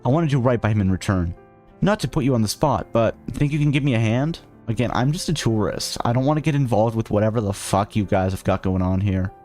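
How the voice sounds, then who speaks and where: A man's voice: lowish voice, fast, darkish tone, faint music behind. A man streaming a video game, joking and ranting sarcastically while reading the on-screen text aloud. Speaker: VTuber streamer. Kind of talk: casual let's-play commentary.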